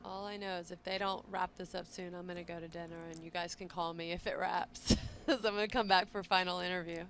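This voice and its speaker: A woman's voice: lowish voice, steady tone, brisk, a bit bright, a little hiss or hum. A woman trading playful, teasing banter as a guest on a live poker commentary, laughing often.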